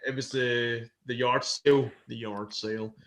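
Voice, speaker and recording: A Scottish man hosting a casual livestream chat, talking in an animated, sweary way and acting out lines in silly voices. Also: medium pitch, unhurried. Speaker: podcast host.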